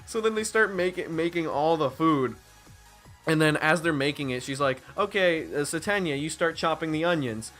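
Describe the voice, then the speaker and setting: A man's voice: on the high side, normal speed, fairly bright tone, faint music behind. A young man co-hosting a casual podcast, eagerly recapping a story and laughing often. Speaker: podcast co-host. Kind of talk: casual chat.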